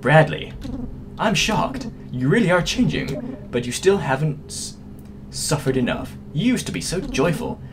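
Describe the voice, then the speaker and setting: A man's voice: on the high side, big pitch swings, a little slow, noisy background, voice pushed up. A man voicing a cold, mocking villain.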